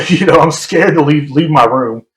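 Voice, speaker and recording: This young podcast co-host, whose voice sits on the high side, spins out a long, rambling story at a moderate pace. He's self-deprecating and laughs a lot during the casual chat, with a roomy echo around him.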